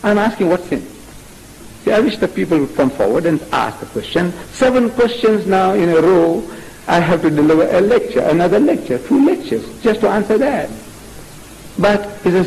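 A man giving a religious lecture as an Islamic preacher, firing off rhetorical questions in an animated way. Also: high-pitched, brisk, rough recording.

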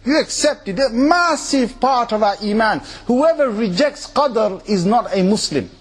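A married man with three kids preaching an informal sermon to a live audience, animated, mimicking people and asking the audience questions. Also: very high voice, a little slow. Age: adult, married with three kids.

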